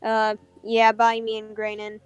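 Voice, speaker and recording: Brash woman player with a smooth voice. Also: a little high, completely flat delivery, unhurried. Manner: brash, swearing banter. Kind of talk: casual tabletop play.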